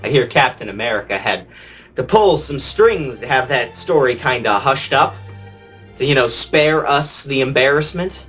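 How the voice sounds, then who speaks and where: A man's voice: medium pitch, expressive, moderate pace, a bit bright, soft background music, lightly acted, rough recording. A man playing a jaded retired superhero, telling crude stories in a rambling confessional monologue full of fillers. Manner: rambling, crude, laughing, heavy "you know" fillers.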